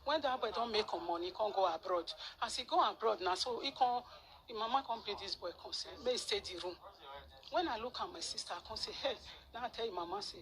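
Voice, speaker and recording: Fast-talking Nigerian Pidgin woman. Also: mid-range voice. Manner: animated storyteller, repeats words for emphasis. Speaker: interviewee. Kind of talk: emotional personal account. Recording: crowd noise behind.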